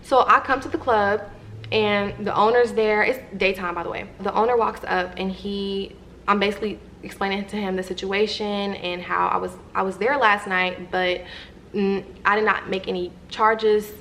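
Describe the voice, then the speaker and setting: A young adult woman vlogger telling a personal story to her viewers in a chatty, animated way and addressing them directly. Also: medium pitch, normal speed, a little hiss or hum.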